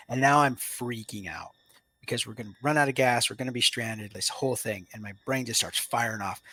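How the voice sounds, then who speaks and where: A man in his thirties speaks earnestly and reflectively as a podcast guest, recounting a personal turning point and then coaching listeners directly. His voice is bright and forward, recorded close and dry with no room around it. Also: mid-range voice, no echo. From Washington state, US. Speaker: podcast guest, Marine veteran. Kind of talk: casual interview storytelling.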